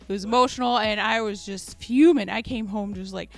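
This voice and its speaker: A woman's voice: medium pitch, steady tone, brisk, faint music behind. A woman co-hosting a casual podcast, blunt and profane as she vents. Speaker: podcast co-host. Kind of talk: casual trash-talk chat.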